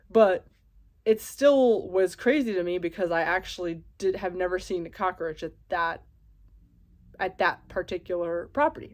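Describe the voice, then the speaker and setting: A woman vlogger telling a long, rambling story full of fillers and restarts, retelling in an anxious, worked-up way. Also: fairly low pitch. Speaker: vlogger and landlord. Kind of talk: casual storytelling vlog.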